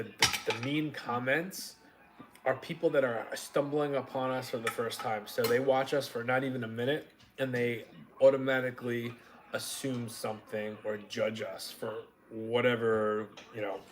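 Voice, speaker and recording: A man with a faint New York accent, telling an animated story during a casual livestream chat. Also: mid-range voice, a little hiss or hum, poor audio. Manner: animated storyteller, quick and emphatic.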